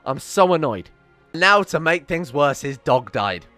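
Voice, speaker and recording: A man's voice: on the high side, big pitch swings, unhurried, bright, forceful tone, faint music behind. Exasperated man narrating gameplay. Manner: exasperated, swearing, theatrical rants. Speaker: game streamer. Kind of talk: casual gameplay commentary.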